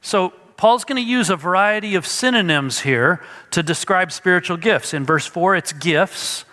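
A man's voice: high-pitched, lively intonation, normal speed, bright, forceful tone, in a large hall. A male pastor preaching an expository sermon, emphatic and teaching through rhetorical questions.

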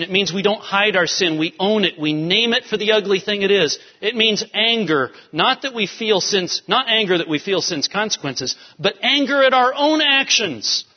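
High-voiced man preaching in an echoing hall. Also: expressive, moderate pace, few pauses. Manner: emphatic preaching, rising to urgent peaks. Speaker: pastor. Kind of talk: sermon. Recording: dull sound with long hall reverb.

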